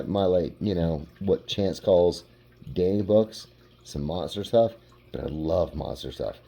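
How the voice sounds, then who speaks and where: A man hosting a casual collection vlog, relaxed and rambling, with lots of "like". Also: on the low side, measured pace. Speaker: comic book collector.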